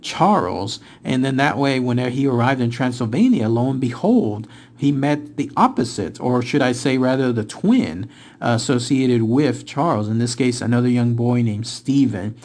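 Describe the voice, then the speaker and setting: Man, audiobook-style reader, dramatic delivery, mid pitch, slows for reveals, casual commentary after. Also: darkish tone. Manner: dramatic storytelling, rising for tense moments and slowing for reveals. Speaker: book reader and channel host. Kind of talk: reading a book aloud, then casual commentary.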